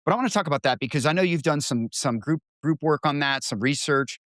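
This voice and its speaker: A man's voice: fairly high pitch, animated, fast, a bit bright, no room sound, studio quality. A man hosting a podcast, chatting enthusiastically and repeating himself often. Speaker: podcast host. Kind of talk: casual interview chat.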